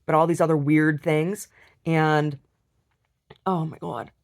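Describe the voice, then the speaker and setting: A woman's voice: sits low, flat delivery, vocal fry, a little mellow. Upset woman rambling through a video diary. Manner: rambling, halting, many restarts and repeated words. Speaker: video diarist. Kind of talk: casual personal storytelling.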